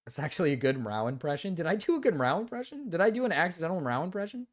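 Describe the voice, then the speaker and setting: A man talking to his livestream chat in a loose, casual way. His pitch swings widely and lively as he goes, and he curses freely and keeps circling back to the same phrases. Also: very fast. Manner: animated, repeats himself, swears freely. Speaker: streamer reacting to chat.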